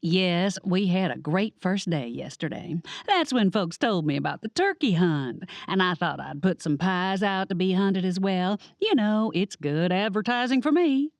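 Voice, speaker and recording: Woman voices a sugary, drawling Southern baker in an audiobook, thick country accent, lively and a bit low. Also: a little slow, few pauses, no room sound. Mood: chatty. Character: brash young Southern woman baker, pushy.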